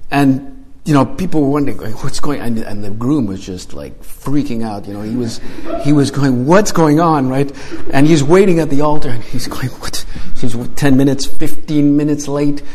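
A man's voice: mid-range voice, moderate pace, warm tone, a little hiss or hum. A man preaching a homily as a priest, talking conversationally with frequent fillers and repeated phrases.

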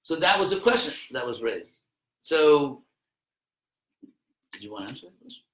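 A man's voice: on the high side, very animated, moderate pace, roomy sound, low-quality recording. A man giving an informal classroom lecture in a rambling, conversational way, with wry asides.

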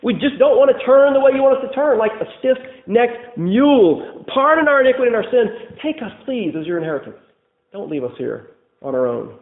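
A male pastor preaching a sermon, impassioned, swinging from loud declarations to hushed lines. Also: very high voice, sing-song, brisk. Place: church. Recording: phone-like sound in an echoey room.

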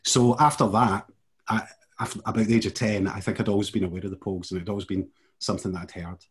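A man, from the west of Scotland, chatting as a podcast guest, hesitant and halting with frequent laughs. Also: on the low side, steady tone, husky. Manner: hesitant, many fillers and restarts, laughs easily. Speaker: guest curator. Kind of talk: casual chat.

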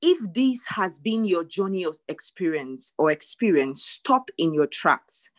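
Woman preaching, kinda low voice, dry sound, earnest, says things twice for weight. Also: big pitch swings, unhurried, few pauses, dry recording. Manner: earnest, emphatic, repeats key phrases. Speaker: pastor. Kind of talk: sermon.

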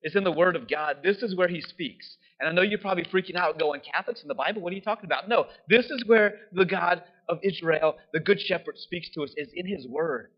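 Man, preacher, conversational sermon, frequent "right?", somewhat high pitch, muffled lo-fi sound. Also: moderate pace, hardly any pauses. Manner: conversational, keeps asking "right?". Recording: dull lo-fi sound.

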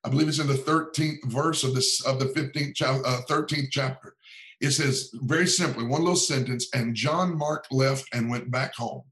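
A man's voice: medium pitch, moderate pace, fairly bright tone, poor audio. A man, a pastor and author, talking as a podcast guest in an earnest, sermon-like cadence with frequent repetitions. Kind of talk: preaching-style podcast talk.

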